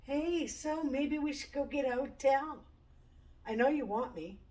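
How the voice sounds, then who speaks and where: A woman's voice: sits high, measured pace, mellow, distant mic, pitched above the performer's own voice. A woman quoting a drunk, pushy male passenger in her own slightly raised voice while telling a story. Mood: sleazy.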